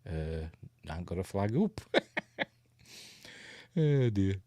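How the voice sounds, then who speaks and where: Yorkshire bloke hosting a live news stream, tired, lively up-and-down voice, dry sound. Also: male voice, deep voice, takes it slowly, no room sound. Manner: rambling, chatty, breaks off mid-sentence and laughs often.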